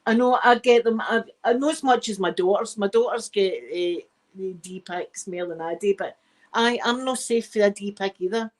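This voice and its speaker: This rough recording captures a Scottish channel host in middle age, medium-pitched and at normal speed. Her live-stream story wanders from point to point, told candidly and casually with plenty of unthinking swearing.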